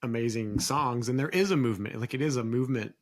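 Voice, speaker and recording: A man's voice: mid-range voice, fast talker. A man co-hosting a podcast, chatting casually and rambling a little as he thinks aloud. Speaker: podcast co-host. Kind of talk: casual chat.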